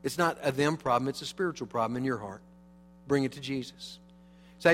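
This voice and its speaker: A male pastor preaching a sermon, emphatic, swinging from loud to hushed. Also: medium pitch, fairly quick, big-room sound, slight background noise. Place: church sanctuary.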